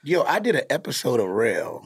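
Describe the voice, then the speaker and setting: A man, a comedian and dad hosting a podcast, telling stories in a casual, animated way with plenty of cursing. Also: mid-range voice, fairly quick, breathy edge. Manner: animated storytelling, cursing freely. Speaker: podcast host; comedian and father.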